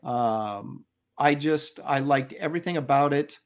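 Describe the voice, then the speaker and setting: Higher-voiced middle-aged man chatting eagerly. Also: unhurried. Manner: enthusiastic, rambling with restarts. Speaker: co-host. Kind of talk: casual chat.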